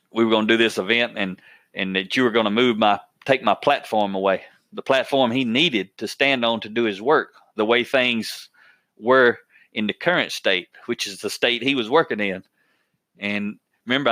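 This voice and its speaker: A man's voice: mid-range voice, a bit bright, no room sound. A plainspoken man hosts his podcast, telling a story in a folksy, unpolished way and often repeating a word as he goes. His voice sits in a middle range for a man. The sound is dry and close, with no room around it. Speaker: podcast host.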